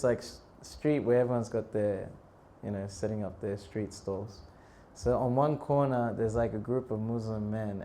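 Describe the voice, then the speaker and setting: A man in his thirties, a monk preacher telling a lively story in a temple talk, laughing often and breaking into shouted prayers. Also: lowish voice, slight background noise.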